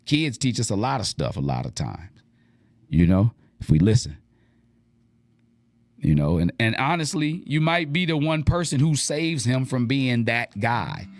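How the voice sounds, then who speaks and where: A man's voice: mid-range voice, sing-song, unhurried. A man hosting an advice radio show, talking casually and animatedly in slang and acting out the lines he quotes.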